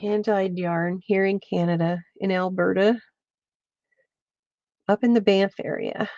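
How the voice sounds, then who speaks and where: Woman host thinking aloud through a stitching demo on a stream, slow and easygoing, close dry lo-fi mic. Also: mid-range voice, fairly even intonation, a little mellow, no echo. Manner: chatty, thinks aloud, greets viewers by name. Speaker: craft show host. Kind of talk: casual livestream stitching demo. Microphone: streaming setup mic.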